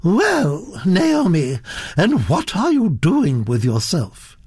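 A man's voice: sits high, huge pitch swings, a little mellow, breathy edge, dry recording, clean studio sound, pitched above the performer's own voice, exaggerated voice. Man doing a bossy elderly duchess. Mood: imperious. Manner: brisk, commanding, disapproving. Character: imperious elderly duchess, blunt and domineering.

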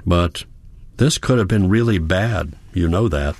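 A man voicing a kind, firm woman caregiver, speaking in a gently firm, reassuring way in an audiobook. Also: low voice, measured pace.

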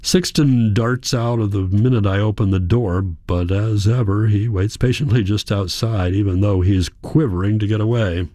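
Low, mellow male audiobook narrator. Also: fairly even intonation, no echo, studio quality. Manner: quiet, measured and reflective. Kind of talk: first-person literary narration.

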